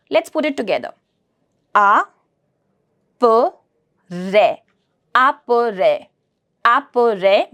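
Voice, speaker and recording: Slow, patient woman teaching a lesson. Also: a little high. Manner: slow, patient, repeats words for learners. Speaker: French teacher. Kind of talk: language lesson.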